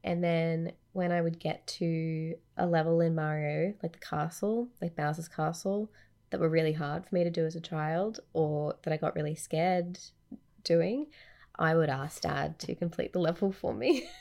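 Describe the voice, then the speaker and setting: A woman's voice: lowish voice, a little mellow. A woman co-hosting a casual podcast, sleepy and just awake, talking in a dry, offhand way. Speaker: podcast co-host. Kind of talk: casual chat.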